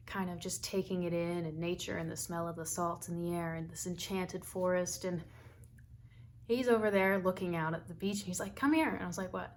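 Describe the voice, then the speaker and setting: A young American woman, talkative and quick to laugh, telling a personal story in a vlog. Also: lowish voice, slight background noise. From United States. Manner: chatty and talkative, laughs often. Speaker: vlogger.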